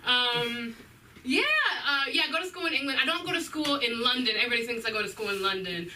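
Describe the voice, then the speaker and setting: A woman's voice: on the high side, fast, pushed and bright. A young woman doing awkward, giggly, chatty stand-up at an open mic night. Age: young adult. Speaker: stand-up comic. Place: comedy club stage. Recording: distant, noisy club recording.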